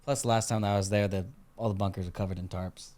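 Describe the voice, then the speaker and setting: A man's voice: on the low side, steady tone, quick pace, a little mellow. A young man appearing as a podcast guest, chatting in a jokey way and chuckling as he talks. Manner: jokey, chuckles while talking. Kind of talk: casual chat.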